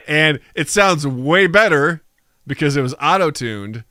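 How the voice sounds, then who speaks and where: Podcast co-host, man, thirties: lively storyteller, bright tone, dry close sound. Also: a little high, slow, no room sound. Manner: animated storytelling, acts out quotes. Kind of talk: casual chat.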